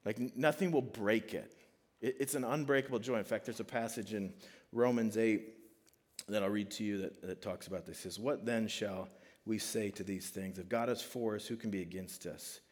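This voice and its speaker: A man's voice: lowish voice, normal speed. A middle-aged man preaching in a casual, conversational way, reading scripture and telling family stories. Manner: conversational, animated storytelling with frequent "like". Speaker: pastor. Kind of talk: sermon.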